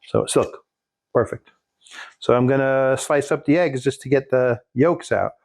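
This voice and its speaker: A man's voice: medium pitch, a little slow, a little mellow. A man casually showing a recipe in his home kitchen, rambling with folksy jokes and asides. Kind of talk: casual cooking demonstration.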